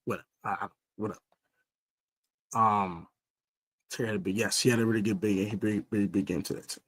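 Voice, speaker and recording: A man with a fairly low voice hosting a casual postgame fan livestream. He rambles through fillers and false starts and trash-talks rival fans. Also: fairly even intonation, brisk, a bit bright, no room sound. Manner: rambling with many fillers and restarts, trash-talking. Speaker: fan podcast host. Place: stadium area after a game.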